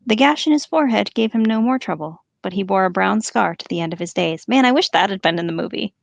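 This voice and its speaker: A woman reads a long story aloud for her podcast, steady and engaged. Her voice has a gravelly fry at the edges, and the sound is dry and close with no room echo. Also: mid-range voice, fast. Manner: animated, laughs easily. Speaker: podcast host and reader. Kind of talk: reading a novel aloud with commentary.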